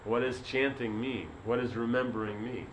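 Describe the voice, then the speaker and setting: A man's voice: medium pitch, steady tone, moderate pace, a little hiss or hum, low-quality recording. A man giving a sermon as a spiritual teacher, telling a story in a rambling way full of "you know".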